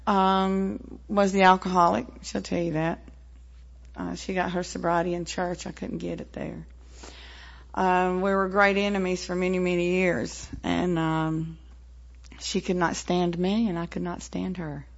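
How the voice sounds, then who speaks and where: A woman in her forties with a Southern American accent, frankly telling her personal story at a recovery meeting, with pauses and wry asides. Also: lowish voice, little pitch movement, vocal fry. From American South, Tennessee-Mississippi line. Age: 40s. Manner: frank, plainspoken, with fillers and wry laughs. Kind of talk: personal testimony. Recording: dull lo-fi recording.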